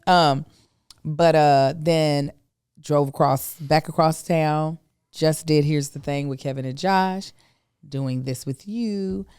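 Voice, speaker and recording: A middle-aged woman co-hosting a casual podcast. She talks in a lively, teasing way, and her voice comes through smooth and clear. The recording is dry and close. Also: low voice, takes it slowly, dry recording. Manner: animated, playful teasing. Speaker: podcast co-host. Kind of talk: casual chat.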